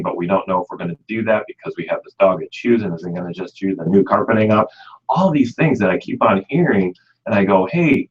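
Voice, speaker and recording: A man with a low, slightly rough voice and a Midwestern American accent hosts a pet radio show, drawing on his pet store expertise. He chats in a folksy, casual way and leans on "you know" a lot. The radio audio is dull and lo-fi.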